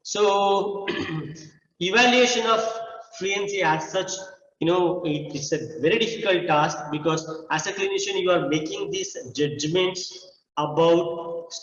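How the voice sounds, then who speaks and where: A man's voice: sits high, a little slow, fairly bright tone, a little hiss or hum. A man with an Indian English accent giving an academic lecture, explaining step by step with frequent "okay" and "you know". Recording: distant echoey hall, dull sound.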